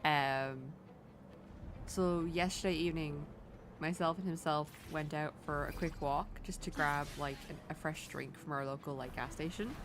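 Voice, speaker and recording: An Irish woman streamer chatting casually while gaming, an animated storyteller who jumps up high when quoting people. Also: moderate pace, background noise. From Ireland.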